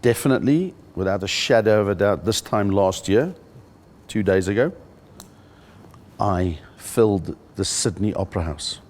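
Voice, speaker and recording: A middle-aged South African man, a stand-up comedian, telling stories in an interview and jumping into high voices for the punchlines. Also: moderate pace. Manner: animated storyteller, jumps into high-pitched voices for jokes. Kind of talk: interview with comic anecdotes.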